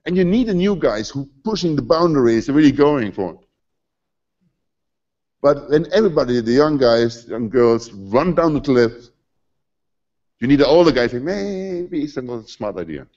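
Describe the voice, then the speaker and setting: A man's voice: medium pitch, expressive, normal speed, pauses often, a little mellow, lo-fi sound. German-accented man giving a conference talk. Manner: conversational, emphatic, slightly non-native phrasing. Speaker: conference speaker. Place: conference hall.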